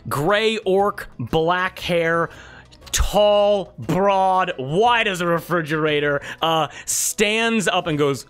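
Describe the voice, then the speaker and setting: A man's voice: sits high, drawn-out words, fairly bright tone, clear, resonant tone, faint music behind. A man running a tabletop role-playing game as game master, narrating scenes in a chatty way full of fillers. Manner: chatty, many fillers, voices characters in quotes.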